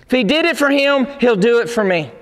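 High-voiced man preaching in a reverberant hall. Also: expressive, fairly quick. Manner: emphatic, rising to fervent pleading. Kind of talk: sermon.

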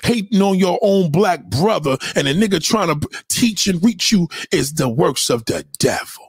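A man's voice: high voice, lively intonation, moderate pace, slightly rough, no room sound, clean studio sound. A man hosting a livestream, ranting in a preachy, confrontational way and swearing constantly. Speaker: livestream host. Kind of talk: profane livestream rant.

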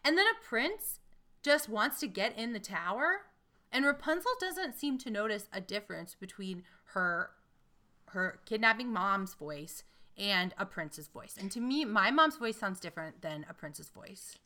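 Casual female co-host, bright voice, animated and wry. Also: mid-range voice, measured pace. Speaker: podcast co-host. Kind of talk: casual chat retelling a fairy tale.

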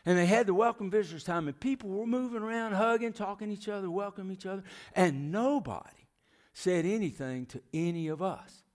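A man's voice: high-pitched, fairly quick. A middle-aged man, preaching a folksy, storytelling sermon in a church as a visiting missionary. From United States. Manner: folksy storytelling, asks the crowd questions. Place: church sanctuary.

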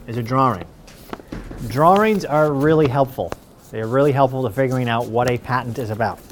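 A man's voice: medium pitch, a little mellow, slight background noise. Methodical man lecturing on patents. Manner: clear, methodical explaining with rhetorical questions. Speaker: university patent counsel lecturing.

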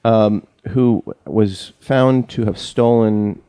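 A man's voice: fairly low pitch, slow, dark tone, clear, resonant tone, no echo. A man hosting a casual show, telling stories with many ums and restarts. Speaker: podcast host. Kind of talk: casual chat.

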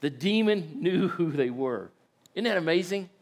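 A man's voice: a little high, expressive, moderate pace. A man preaching a sermon in a church, folksy and conversational, often asking the congregation rhetorical questions. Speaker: pastor.

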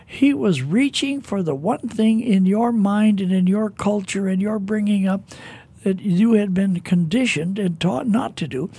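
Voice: mid-range voice, unhurried, warm tone, breathy edge. A talk-show host who interviews a guest, breaking in with emphatic, preacherly comments.

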